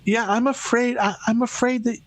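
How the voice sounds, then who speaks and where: A man co-hosting a casual podcast, a former radio broadcaster who talks in an animated, profane way with many stumbling restarts. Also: very high-pitched, moderate pace, slight background noise. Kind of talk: casual chat.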